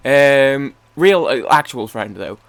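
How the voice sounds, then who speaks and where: Expressive and gravelly at a medium pitch, he takes things slowly as he plays. This young Manchester gaming YouTuber rambles in a casual way, swearing, interrupting his own sentences, and trailing off before his stories end.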